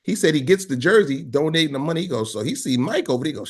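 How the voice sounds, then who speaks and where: A man's voice: on the high side, sing-song, fast talker. A man co-hosting a podcast, telling stories in a casual, profane way and acting out the voices he quotes. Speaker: podcast co-host. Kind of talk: casual storytelling chat.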